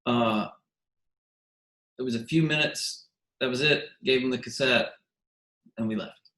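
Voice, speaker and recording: A man's voice: mid-range voice, measured pace, long pauses, a bit bright. A man, a musician and interview guest, tells stories animatedly, acts out quotes and often restarts his sentences. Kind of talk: casual interview storytelling. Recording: echoey room.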